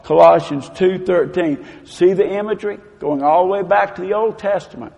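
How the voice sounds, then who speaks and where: Gravelly preacher in a reverberant hall. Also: male voice, moderate pace. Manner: swings between loud emphatic proclaiming and hushed low tones; leads the congregation in call-and-response. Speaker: pastor. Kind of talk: sermon.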